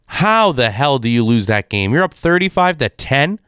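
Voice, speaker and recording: Man, casual sports rant, exasperated, smooth clear voice, dry close sound. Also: medium pitch, sing-song, normal speed, a bit bright, no echo. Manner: exasperated, ranting. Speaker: sports commentator.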